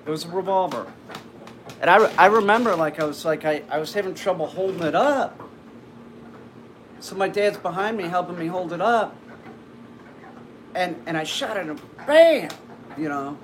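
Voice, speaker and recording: A man casually telling a personal story, rambling with lots of restarts and fillers. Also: high voice. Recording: noisy background ambience.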